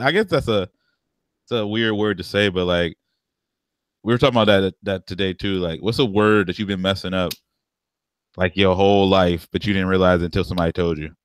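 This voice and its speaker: With a fairly low, expressive voice and a moderate pace, this podcast co-host tells laid-back stories in slangy talk, laughing frequently. His tone is fairly bright, and his family is from the American South. There's no echo on the recording.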